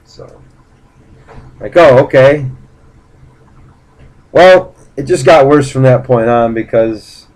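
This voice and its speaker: A man's voice: mid-range voice, lively intonation, slow, a little mellow, low-quality recording. A man casually recounting a personal story in a blunt, profane way, rambling with fillers and restarts. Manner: blunt, profane, indignant retelling. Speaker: vlogger.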